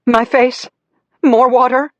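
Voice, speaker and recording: A man voicing a panicked, burned mother in an audiobook thriller, speaking high and strained. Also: level tone, slow pace, fairly bright tone, no room sound, heavily acted. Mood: pained. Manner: strained, pleading, raised pitch. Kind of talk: audiobook dialogue.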